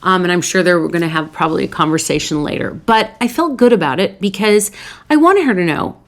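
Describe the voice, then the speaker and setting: A woman's voice: lowish voice, lively intonation, brisk. A woman psychologist hosting a solo advice talk, speaking earnestly and telling stories from her own life, with some restarts along the way. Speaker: psychologist host.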